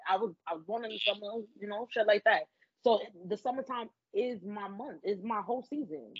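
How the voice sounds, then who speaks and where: A woman from the Bronx with a New York accent, chatting as an interview guest in an animated, profane, slangy way. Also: medium pitch, brisk, breathy edge, dry recording. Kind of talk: casual interview chat. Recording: dull lo-fi audio with faint noise.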